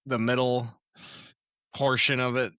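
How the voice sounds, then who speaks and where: A man co-hosting a podcast in casual chat, rambling with frequent laughs and halting restarts. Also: mid-range voice, flat delivery, bright, forceful tone, dry recording, lo-fi sound. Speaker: podcast co-host.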